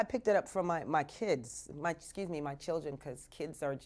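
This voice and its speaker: A woman radio host from Canada chats on air in a low-pitched, loose, animated way. She tosses in bits of Jamaican patois as she talks to listeners from the studio. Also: moderate pace. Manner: chatty and animated, mixing in Jamaican patois phrases. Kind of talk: casual live radio talk.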